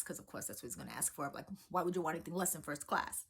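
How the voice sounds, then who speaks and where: A woman coach telling a story in a chatty, animated, casual way. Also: fairly low pitch, rapid-fire, hardly any pauses, breathy edge. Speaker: law of assumption coach.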